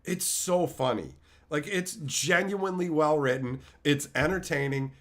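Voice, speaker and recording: A man's voice: a little high, measured pace. A man chatting casually on a live stream, telling stories animatedly and laughing often.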